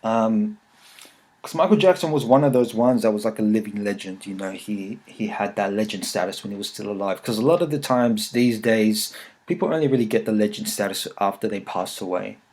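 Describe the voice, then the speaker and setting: A man's voice: fairly low pitch, animated, a little fast, a little mellow. A man, hosting a podcast and telling rambling, jokey stories laced with swearing. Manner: rambling, profane, jokey storytelling. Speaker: podcast host. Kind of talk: casual chat.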